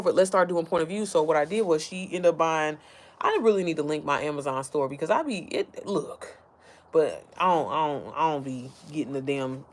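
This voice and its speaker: A woman chatting casually to her followers from home, rambling, easily sidetracked and often speaking straight to her viewers. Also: sits low. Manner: rambling, chatty, keeps addressing viewers directly. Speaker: online business creator.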